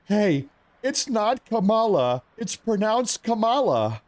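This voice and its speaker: A man mimicking a fussy, high-pitched pronunciation pedant. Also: very animated, full character voice. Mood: mocking. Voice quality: high, drawn-out, mocking.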